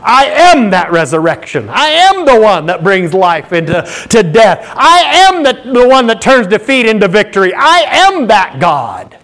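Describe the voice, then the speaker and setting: A calm, commanding teacher speaks in firm, weighty declarations, as a male preacher acts him out. The voice stays fairly high yet steady. It is a sermon retelling of a scripture story. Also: a little slow, hardly any pauses, heavily acted.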